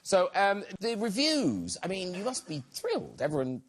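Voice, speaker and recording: Man, Irish accent, talk show host, teasing, husky, lively pitch. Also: moderate pace. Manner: teasing, chatty. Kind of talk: chat show interviewing. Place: TV studio with live audience.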